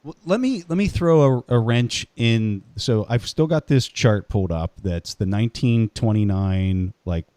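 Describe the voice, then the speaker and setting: A man's voice: mid-range voice, expressive, measured pace, few pauses, dark tone, no echo. A man hosting an interview, thinking aloud as he builds long questions. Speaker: interview host.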